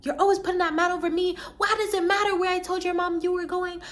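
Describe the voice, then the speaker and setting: A woman voicing her tearful, whiny young female friend who complains in a shrill, worked-up voice. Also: flat delivery, fast talker, a bit bright. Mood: upset whining.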